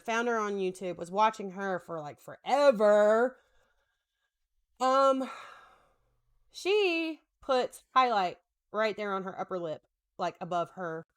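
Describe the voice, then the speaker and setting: A woman in her thirties chatting casually while she does her makeup, rambling and joking about herself, now and then talking to her husband. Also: medium pitch. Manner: rambling, self-deprecating, talks to husband between steps. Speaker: makeup vlogger.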